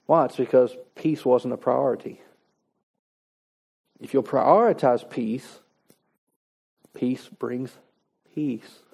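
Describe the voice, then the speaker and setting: Warm-voiced man preaching a sermon. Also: mid-range voice, takes it slowly, gravelly, pauses often, slightly rough. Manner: conversational preaching, folksy asides. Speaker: pastor.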